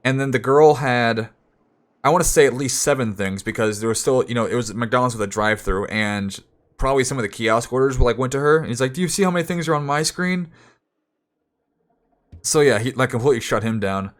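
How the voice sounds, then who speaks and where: A young man at his desk mic, rambling through an anecdote with lots of restarts. He talks at an ordinary middle pitch in a loose, animated way and jumps into raised voices whenever he acts out other people. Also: quick pace. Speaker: streamer. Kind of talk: casual storytelling.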